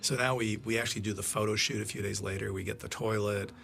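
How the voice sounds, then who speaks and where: A film producer with a lowish, gravelly, somewhat bright voice talks quickly and flatly in a casual audio commentary. He tells rambling, profane anecdotes and pauses to react to what's on screen.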